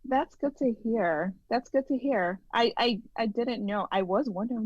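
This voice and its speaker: A woman's voice: on the high side, expressive, moderate pace, no room sound. A woman from Arizona, a guest actress, chatting casually, giggly and hesitant, often stammering. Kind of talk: casual interview chat. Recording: muffled phone line.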